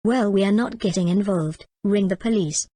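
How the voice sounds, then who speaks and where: A woman voicing a quiet, grudging husband who says little, in a storybook reading. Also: mid-range voice, normal speed, close to an everyday voice. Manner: terse and reluctant.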